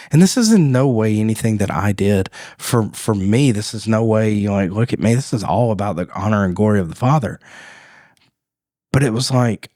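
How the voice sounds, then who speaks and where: A man with a fairly low voice tells a story on a faith podcast in a casual, animated way. He laughs often and acts out the people in his story. The sound is dry and close, with no room echo. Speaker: podcast host.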